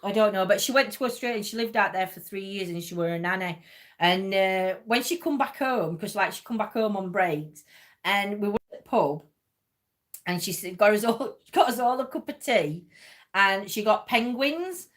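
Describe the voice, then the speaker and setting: A woman's voice: mid-range voice, animated, normal speed. A woman hosting a livestream, chatting in a rambling way and laughing often. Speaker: livestream host. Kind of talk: casual chat.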